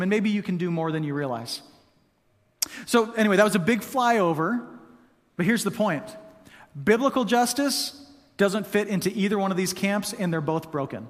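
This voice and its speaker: A man's voice: sits high, moderate pace. A man preaching a sermon as pastor, conversational and prone to restarts and casual asides. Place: church hall. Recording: long hall reverb.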